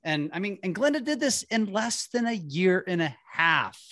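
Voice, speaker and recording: A man hosting an interview, energetic, often restarting his sentences. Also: high-pitched, moderate pace, no echo. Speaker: host. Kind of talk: casual interview chat.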